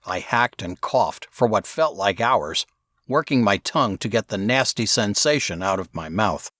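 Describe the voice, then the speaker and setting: Expressive male audiobook narrator. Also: lowish voice, normal speed, no echo. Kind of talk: first-person audiobook narration.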